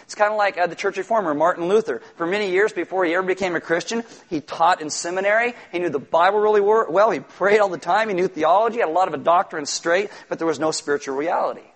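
A man preaching a sermon, animated, acting out quotes and at times shouting for emphasis. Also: high-pitched, fast, hardly any pauses. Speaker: pastor.

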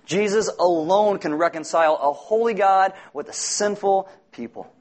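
A man's voice: high-pitched, normal speed, darkish tone. Emphatic man preaching a sermon. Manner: emphatic, earnest preaching with scripture quotes. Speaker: pastor.

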